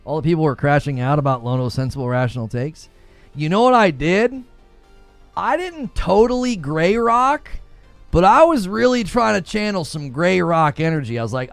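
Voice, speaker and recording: Young man, gaming stream host, high lively voice, gravelly edge, snarky, dry close mic, faint music behind. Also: moderate pace, dry recording. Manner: animated, snarky, laughs often. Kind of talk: casual livestream chat.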